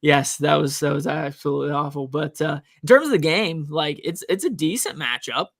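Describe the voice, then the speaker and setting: A man's voice: a little high, brisk, gravelly, a bit bright, no echo, studio quality. A man co-hosting a sports podcast, chatting casually and rambling with frequent restarts. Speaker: college professor, podcast co-host.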